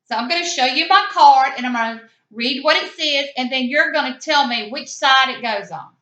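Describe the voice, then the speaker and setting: A woman teaching young children, reading aloud slowly and asking questions with encouraging, sing-song praise. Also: sits high, bright, forceful tone, echoey room, muffled recording.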